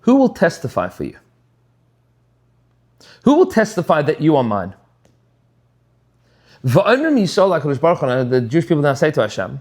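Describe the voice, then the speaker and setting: Expressive high-voiced rabbi teaching. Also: male voice, fairly quick, long pauses. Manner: expressive storytelling, dipping low for asides. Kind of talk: Torah class teaching.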